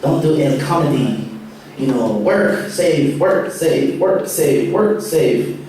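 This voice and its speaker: A man voicing his practical mother, who lectures him in a flat, repetitive way. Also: a little high, takes it slowly, slight background noise, voice pushed down. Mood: nagging. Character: nagging practical middle-aged mother. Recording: echoey room, far-off mic.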